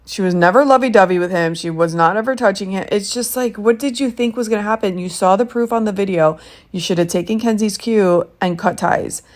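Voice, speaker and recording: A woman's voice: medium pitch, a little fast. Blunt, opinionated woman podcast host. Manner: blunt, opinionated, exasperated commentary. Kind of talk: casual reality TV recap.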